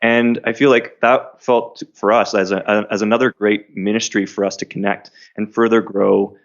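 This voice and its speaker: A man speaking as a podcast guest, earnest and quick to laugh. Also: on the low side, little pitch movement, highs cut off. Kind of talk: casual interview.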